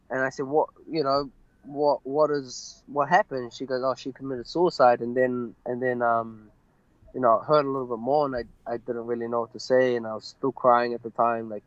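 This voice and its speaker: Young man, fighter, interview guest, halting with fillers, dry dull recording. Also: mid-range voice, dry recording. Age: young adult. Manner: halting, many fillers and restarts. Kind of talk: casual interview storytelling.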